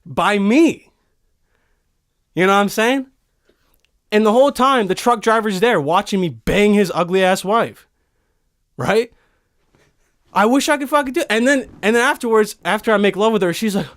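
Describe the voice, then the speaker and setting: A young man hosting a podcast from a studio, telling a profane, animated comic rant full of swearing. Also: sits high, normal speed, pauses often. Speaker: podcast host.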